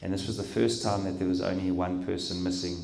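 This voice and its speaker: A middle-aged man giving an emotional personal testimony at a talk, speaking haltingly with pauses and restarts. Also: sits low, fairly even intonation, vocal fry, a little mellow. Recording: roomy hall echo.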